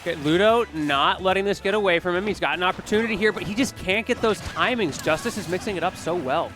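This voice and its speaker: A man's voice: high-pitched, quick pace, over music. A man commentating a fighting game tournament, chatty and explanatory, breaking down plays and talking to the chat. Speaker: esports commentator. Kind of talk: casual analytical commentary.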